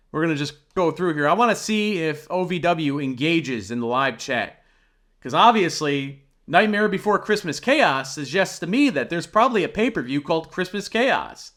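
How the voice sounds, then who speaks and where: A man's voice: a little high, expressive, moderate pace, a bit bright. A man reviewing a channel on screen, talking through it in an exasperated, critical way and firing off rhetorical questions. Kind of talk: screen-share commentary.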